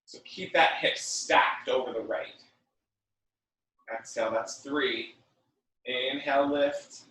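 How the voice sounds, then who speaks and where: A male fitness and yoga instructor leads a guided workout class at a slow pace in a medium-pitched voice, mixing calm breath cues with chatty, joking asides. The room is very echoey, and the mic sits at a distance.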